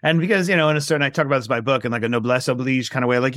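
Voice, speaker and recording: A man in his forties from New York, a guest entrepreneur telling his life story in an interview, animated and acting out dialogue. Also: medium pitch, fast talker, few pauses, dry recording, studio quality. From New York, USA. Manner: animated, acts out quoted dialogue.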